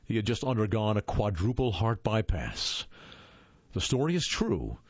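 A man from Iowa narrating his memoir as an audiobook, in an expressive storytelling manner with a husky voice. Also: on the low side, moderate pace, no room sound. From Iowa, USA. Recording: dull, dry lo-fi recording.

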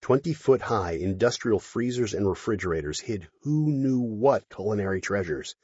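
A man narrates an audiobook with lively, expressive inflection. His voice is low and husky. The recording is dry and somewhat dull. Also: moderate pace, dry recording. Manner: expressive, storytelling.

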